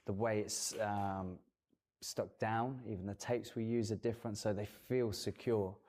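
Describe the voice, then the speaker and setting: Earnest low-voiced hairdresser man. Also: steady tone, measured pace, darkish tone, a little hiss or hum. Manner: earnest, explains at length with fillers. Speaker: guest hairdresser and salon owner. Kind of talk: casual studio interview.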